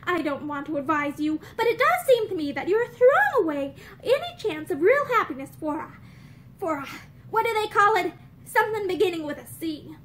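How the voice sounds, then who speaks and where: A young woman voicing an outspoken, quick-tempered young woman who speaks emphatically and frankly. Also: very high-pitched, very animated, fairly bright tone, slight background noise, heavily acted. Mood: emphatic.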